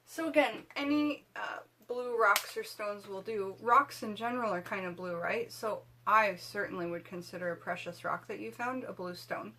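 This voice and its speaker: A woman's voice: mid-range voice, moderate pace, hardly any pauses, pushed and bright, slight background noise. A woman hosting a witchcraft video, chatting casually to camera in a rambling way with lots of fillers.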